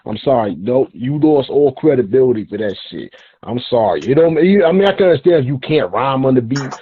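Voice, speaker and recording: A man's voice: medium pitch, expressive, fairly quick, a little hiss or hum. A man from New York with a New York accent, telling stories in emphatic, profane slang while hosting a casual hip hop interview. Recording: tinny, phone-like line.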